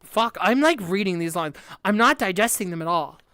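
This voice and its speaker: A young woman talks through a reaction stream, stopping and restarting as she works out lyrics and laughing at herself. Her voice is smooth and clear, recorded dry and close. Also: medium pitch, expressive, normal speed, fairly bright tone, no echo. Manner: thinks aloud, hesitant restarts, frequent laughs, swears. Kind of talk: casual reaction stream, reading lyrics aloud.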